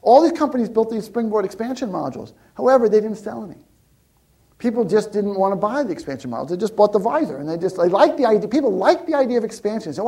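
A middle-aged man giving a casual talk to an audience, animated, often restarting and repeating words. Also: sits high, quick pace. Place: lecture room with audience.

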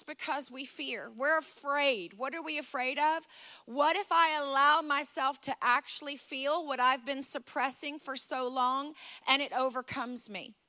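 Bright high-voiced woman preaching. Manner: emphatic, repeats phrases for effect. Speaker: pastor. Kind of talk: sermon.

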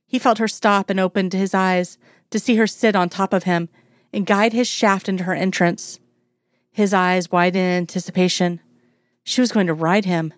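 Woman narrator, romance story read aloud, steady even delivery, fairly low voice, dry close recording. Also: moderate pace, no echo. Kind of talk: reading romance fan fiction aloud.

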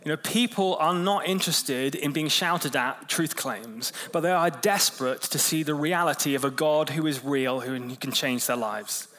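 A man preaching a sermon in a relaxed, conversational way, telling stories and quickening and slowing his pace. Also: on the high side. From England. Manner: conversational preaching with storytelling, lively shifts in pace. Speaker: pastor.

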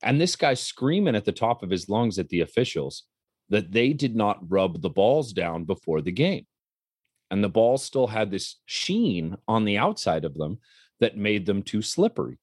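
A man's voice: on the low side, big pitch swings, moderate pace, a little mellow, husky, no room sound, studio quality. A man co-hosting a casual talk show, telling a story with animation and acting out the quotes. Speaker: podcast co-host and color commentator.

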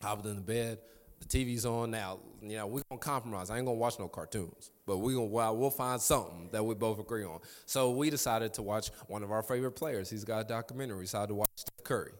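A man's voice: on the low side, fast. A man in his thirties preaching a sermon, telling family stories with emphatic repetition. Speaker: pastor. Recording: reverberant church hall.

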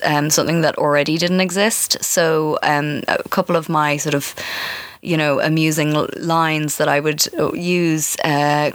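An Irish woman in her thirties with a deep, fairly bright voice hosts a casual solo podcast. She's chatty and self-mocking, full of fillers and asides, and the recording is dry.

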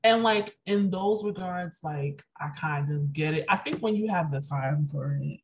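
A woman's voice: low voice, measured pace, slight background noise. A woman in a casual chat who reflects on anger and parenting and often uses the filler "like.". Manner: reflective, agreeable, frequent filler "like".

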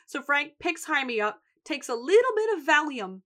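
This woman's voice sits high and moves a little fast, with barely any pauses. As a podcast co-host, she casually recaps a TV episode, animatedly voicing the characters' lines and swearing a lot.

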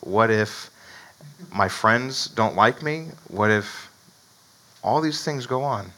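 A man's voice: on the low side, animated, takes it slowly, bright, forceful tone, low-quality recording. A man preaching a sermon in a conversational way, often asking "right?" and chuckling between points. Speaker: pastor.

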